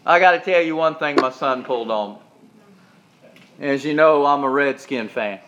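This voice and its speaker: A man preaching a sermon as pastor, shifting from loud, raised preaching to low, quiet storytelling. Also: highs cut off. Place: church.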